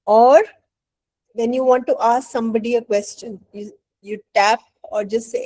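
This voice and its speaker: A woman's voice: on the high side, steady tone, normal speed, a little mellow, poor audio. A woman teacher with an Indian English accent giving an online English lesson. She is patient and coaxing, and she often checks in with "right?".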